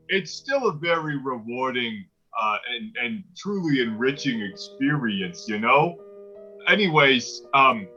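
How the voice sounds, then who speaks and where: A man's voice: on the high side, sharp tone. A man playing a cheerful lumbering oaf of a teen henchman. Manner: cheerful, earnest rambling. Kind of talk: improvised comedy character. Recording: dull lo-fi stream audio.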